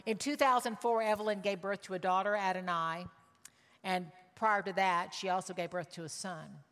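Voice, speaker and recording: A woman preaching a sermon, telling a story with emotion and shifting from loud cries to hushed words. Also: mid-range voice, steady tone, normal speed, long reverb tail. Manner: emotional, swings from loud exclamations to hushed tones.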